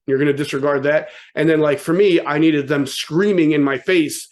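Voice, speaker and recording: A man's voice: a little high, fairly even intonation, quick pace, few pauses, darkish tone. A man giving a casual, joking motivational talk to an audience, often asking "right?" and acting out quotes with sudden voice changes. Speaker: motivational speaker.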